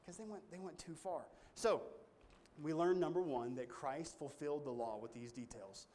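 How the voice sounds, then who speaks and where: A man preaching a sermon in a folksy, emphatic way, climbing high when stirred. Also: expressive, normal speed, darkish tone, a little hiss or hum. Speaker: pastor.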